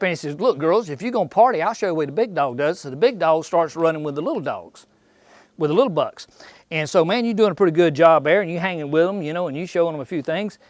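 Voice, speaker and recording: A man's voice: fairly high pitch, dry recording. A man giving a live hunting seminar in a shop. He tells jokey folksy stories, acts out characters in slang and quizzes his listeners. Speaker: seminar speaker on deer hunting. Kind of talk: live seminar talk to a small crowd. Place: indoor outdoor shop.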